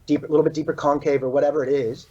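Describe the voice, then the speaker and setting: A man's voice: fairly high pitch, flat delivery, a little mellow, slightly rough. A man from California, a surfboard shaper, chatting loosely in an interview with lots of "like" and "you know". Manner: fast, loose talk full of "like" and "you know". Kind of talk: casual interview chat. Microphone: video call. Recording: dull, lo-fi video call audio.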